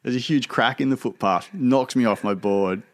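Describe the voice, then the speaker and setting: A man in his fifties with an Australian accent, telling lively stories as a podcast guest with many restarts. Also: mid-range voice, normal speed, dry recording, studio quality. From Sydney, Australia. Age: 50s. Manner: animated, full of restarts and laughter. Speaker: podcast guest, skater and skatepark designer. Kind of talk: casual storytelling.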